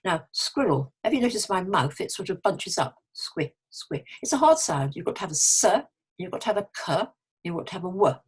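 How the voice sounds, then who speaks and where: A woman teaching English pronunciation, slowly demonstrating sounds by stretching vowels and describing lip and tongue shapes. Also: on the low side, sing-song, husky.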